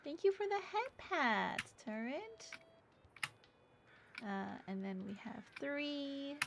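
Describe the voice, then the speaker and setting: A woman's voice: sits high, lively intonation, slow pace, gravelly. A woman streaming a game, chatting casually and giggly while reading chat aloud. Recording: audible background noise and keyboard clicks.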